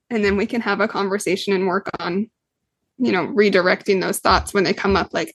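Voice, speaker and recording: A woman's voice: medium pitch, fairly even intonation, fairly quick, breathy edge, no room sound. A woman guest on a podcast interview who explains parenting earnestly, with frequent fillers. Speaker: guest expert, parenting coach.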